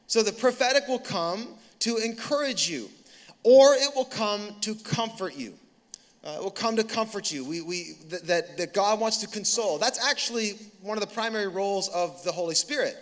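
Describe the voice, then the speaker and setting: A man in his thirties delivers a sermon in a high, bright, forward voice. He talks conversationally and tells stories with animated bursts and quick self-corrections. The sound carries a long reverb from a large church hall. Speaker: pastor.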